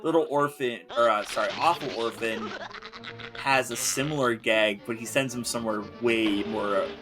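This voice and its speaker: Guy co-hosting a cartoon review, mid-pitch voice, calm and opinionated, dry jokes. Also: moderate pace, over music. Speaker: podcast co-host reviewing cartoons. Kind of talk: casual chat.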